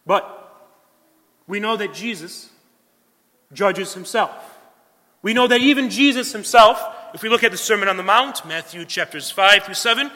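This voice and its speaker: A man's voice: high-pitched, moderate pace, pauses often, sharp tone. Earnest preaching man in a reverberant hall. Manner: earnest, repeats points, tag questions. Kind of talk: sermon.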